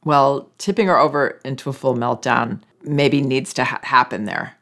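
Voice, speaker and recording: A parenting advice host talks through listener questions in an unhurried, conversational way. The voice sits in a middling pitch and stays measured and patient. The tone is gently reassuring, like someone explaining things to parents who are struggling. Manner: calm, reflective, explains patiently.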